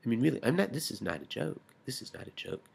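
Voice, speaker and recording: Gravelly, husky man rambling intensely. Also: mid-range voice, big pitch swings, a little mellow. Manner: rambling and intense, often dropping to a whisper; swearing, halting restarts. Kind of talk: personal video message.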